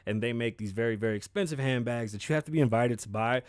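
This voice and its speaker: A man hosting his own podcast, riffing on the news in a loud, profane, emphatic way. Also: medium pitch, fast talker, no echo, clean studio sound. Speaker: podcast host. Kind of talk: casual news commentary.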